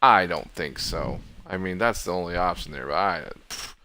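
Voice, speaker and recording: A man giving casual gameplay commentary as the host of a let's play. He has a very deep voice with a gravelly, creaky edge. His remarks are sarcastic and wisecracking. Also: moderate pace, bright, forceful tone, dry recording.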